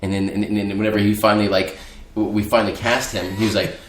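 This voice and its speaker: A low-voiced man rambles through casual stories, swearing and laughing often. The room has a noticeable echo around him. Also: little pitch movement, quick pace, a little hiss or hum. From Bakersfield, California. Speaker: actor and podcast guest. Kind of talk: casual chat. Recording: echoey room.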